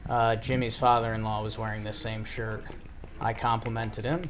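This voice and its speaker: A man hosting a casual watch-along chat about a ballgame, animated and excitable. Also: fairly low pitch, normal speed, background noise. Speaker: host. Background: game broadcast crowd.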